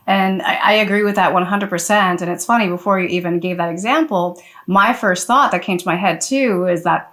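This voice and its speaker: Woman, podcast co-host, casual and chatty, mid pitch, conversational fillers. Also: a bit bright. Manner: chatty, loose, many "like" and "you know" fillers.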